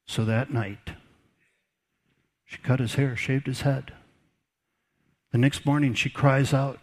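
A man's voice: mid-range voice, fairly even intonation, a little slow, vocal fry, pauses often, darkish tone. A man preaching a sermon as pastor, conversational, repeating words and dropping folksy asides.

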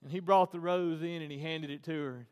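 A man with a high voice preaches to his congregation, sliding between soft, hushed lines and loud, fervent bursts. The sound carries a long church-hall reverb. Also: steady tone, brisk, smooth. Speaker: pastor. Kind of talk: sermon.

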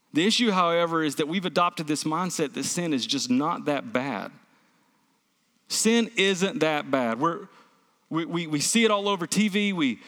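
A man's voice: fairly high pitch, fairly bright tone, big-room sound. A male pastor preaching a sermon, emphatic, asking the congregation rhetorical questions and answering them himself.

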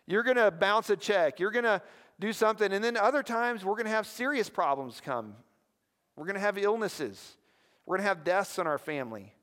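A man preaching a sermon as pastor, lively and conversational, often prompting the listeners with questions. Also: high-pitched, moderate pace. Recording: long hall reverb.

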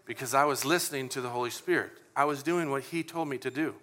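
Bright-voiced animated male pastor preaching. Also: mid-range voice, fast. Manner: animated and conversational, acts out prayers and dialogue. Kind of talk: sermon.

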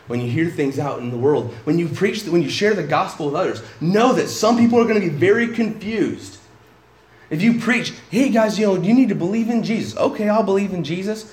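A man's voice: on the high side, darkish tone. Emphatic male preacher in an echoey room. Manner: emphatic, conversational preaching with frequent restarts. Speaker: pastor. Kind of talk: sermon.

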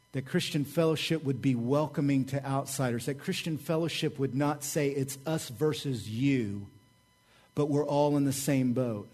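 A man preaching a sermon with a Southern American accent, joking and animated, his voice swinging louder when he mocks others. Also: on the high side. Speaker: pastor. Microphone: website recording of a church service.

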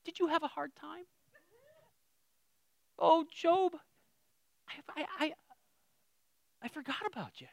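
A man voicing a mock version of God, softly apologizing in a high, gentle voice. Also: slow pace, creaky, pauses often, no room sound, heavily acted. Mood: mock apologetic. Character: apologetic, absent-minded God, male, fussing softly.

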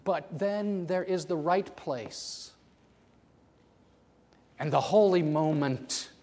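A man preaching a sermon in a church, moving between loud, fervent passages and hushed near-whispers. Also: fairly high pitch, takes it slowly. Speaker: pastor. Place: church sanctuary. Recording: long hall reverb.

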